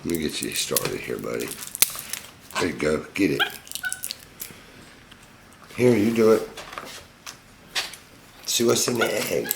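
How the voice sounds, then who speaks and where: A man with a very low voice chats playfully and coaxingly to his pet monkey in a casual home vlog. The room is echoey, and steady noise runs underneath. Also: slow pace, gravelly, pauses often. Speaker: pet vlogger.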